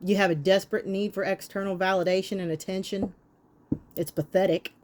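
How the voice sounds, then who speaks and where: A woman's voice: medium pitch, fairly even intonation, fairly quick, a little mellow, slight background noise. Woman, tarot reader, blunt, scolding, profane, casual. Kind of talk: tarot reading monologue.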